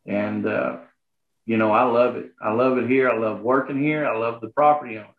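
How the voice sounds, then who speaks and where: A Southern-accented man speaks sincerely in a halting way, full of "you know" and "uh." His voice comes through thin and phone-like. The room around him sounds echoey. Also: medium pitch, steady tone. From Arkansas, USA. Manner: earnest, halting, many fillers and restarts. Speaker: guest, property association manager. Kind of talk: casual interview talk.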